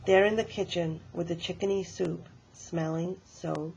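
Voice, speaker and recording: A woman, an elementary school tutor, reading a children's book aloud in an expressive way. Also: lowish voice, measured pace, vocal fry, muffled recording, a little hiss or hum.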